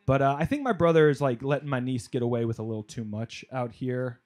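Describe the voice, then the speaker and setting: On a club stage, a man performs stand-up, telling lively stories, playing off the audience and yelling certain punchlines. His voice is medium in pitch and he talks fast.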